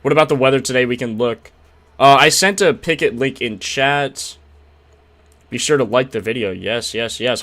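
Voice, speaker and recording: Talking through betting picks on a live stream, this young man sounds excitable and slangy at a medium pitch. He thanks subscribers and lets his sentences drift into mumbled fillers.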